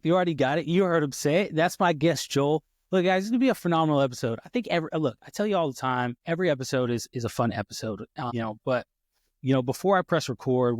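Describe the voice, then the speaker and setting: A man from the United States hosts a relaxed podcast. He rambles and pokes fun at himself, stumbling through restarts and "you know"s. The mic is close and dry, and his pitch sits in the middle. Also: no room sound. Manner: rambling, self-deprecating, lots of fillers and restarts. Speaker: podcast host. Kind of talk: casual podcast chat.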